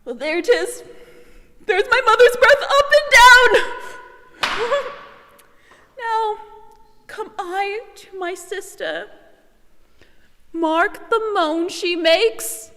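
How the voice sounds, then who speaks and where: A woman playing a comic young male servant who mourns over his dog, in an animated, mock-tragic style of amateur Shakespeare acting. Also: extremely high pitch, very slow, long pauses, full character voice. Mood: mock-grieving. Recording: long reverberant echo.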